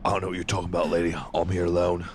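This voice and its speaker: A man's voice: low voice, monotone, rapid-fire, husky. A man playing in a tabletop role-playing game, talking in a stammering, laughing manner with frequent swearing. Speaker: player. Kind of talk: tabletop role-play banter.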